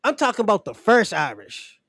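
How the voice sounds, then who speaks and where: A man holds forth on a livestream in a loose, profane, mocking rant, often breaking into laughter. His voice sits high for a man and sounds close and dry, with no room around it. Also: very animated, fairly quick, fairly bright tone, husky, no echo. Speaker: livestream host.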